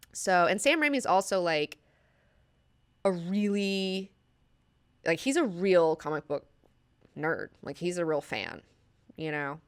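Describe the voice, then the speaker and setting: A young woman chatting excitedly about movies, swearing freely with lots of fillers and laughter. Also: fairly low pitch, smooth, dry recording. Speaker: movie news vlogger. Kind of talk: casual movie chat.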